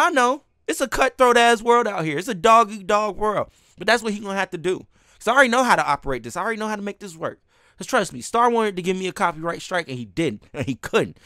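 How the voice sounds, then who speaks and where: A man's voice: high-pitched, animated, a little fast, pushed and bright, no echo, studio quality. A young man giving an angry, profane reaction rant as a commentary YouTuber, breaking into laughter between lines.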